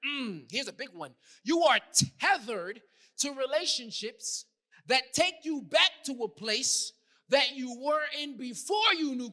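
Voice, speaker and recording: A man from New York preaching a sermon as a ministry leader, swinging from loud emphatic lines to quiet asides. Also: very high voice. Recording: long hall reverb.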